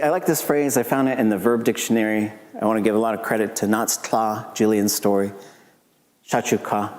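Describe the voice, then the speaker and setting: A man lectures in a relaxed, chatty way, dropping joking asides and jumping up in pitch now and then. His voice sits at an ordinary middle pitch. The sound carries a long reverb from a lecture hall. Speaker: language professor giving a lecture. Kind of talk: casual lecture.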